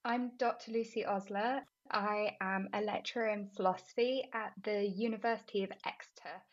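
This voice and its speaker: Woman lecturer, measured academic tone, mid pitch, muffled lo-fi recording. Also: fairly even intonation. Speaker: philosophy lecturer. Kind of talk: expert interview. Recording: dull, muffled audio.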